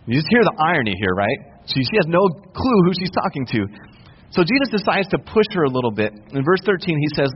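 A man preaching a sermon, explaining scripture in a relaxed, conversational way and retelling the story in everyday words. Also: fairly high pitch, a little fast, slight background noise. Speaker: pastor. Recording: roomy reverb, muffled lo-fi sound.

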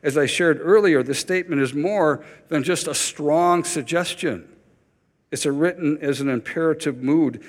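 A man's voice: fairly high pitch, normal speed, long reverb tail. A man preaching a sermon as pastor, urgent and emphatic, repeating key phrases for weight.

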